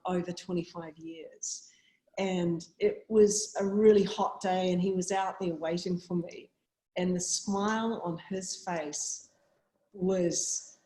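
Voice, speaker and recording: A woman's voice: a little mellow, echoey room, rough recording. A woman from New Zealand with a New Zealand accent, a marathon swimmer telling stories as an interview guest and acting out her own past lines. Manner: acts out her own past lines with big jumps in pitch. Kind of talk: animated storytelling in an interview.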